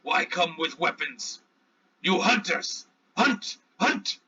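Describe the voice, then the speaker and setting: Casting: man as a loud, territorial triceratops in a tabletop game, clipped broken words, husky bright tone, dull lo-fi audio. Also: high-pitched, lively intonation, slow pace, heavily acted. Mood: suspicious. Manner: shouted, clipped broken phrases. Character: territorial, gruff dinosaur speaking broken words.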